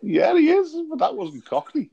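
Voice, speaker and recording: Lively, swearing man on a call. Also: very high voice, moderate pace, gravelly, dull audio. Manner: chatty, laughing, swears freely. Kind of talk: casual banter. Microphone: remote call with headphones.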